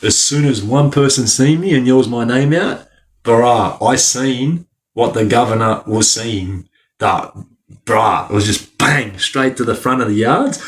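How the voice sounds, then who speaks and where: A man spinning a story in a loose, slangy way, often breaking into laughter between lines. He checks in constantly with "right?" and swears freely. His pitch sits in the middle for a man. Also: measured pace. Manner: animated, laughs often, tags lines with 'right?'. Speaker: podcast guest. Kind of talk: casual storytelling.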